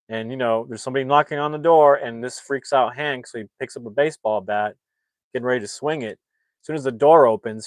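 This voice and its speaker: Guy going over a movie plot, rambly, lots of "you know", middle pitch, dry sound. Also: no echo. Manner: rambling, many fillers and restarts. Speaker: movie reviewer. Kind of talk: casual plot recap.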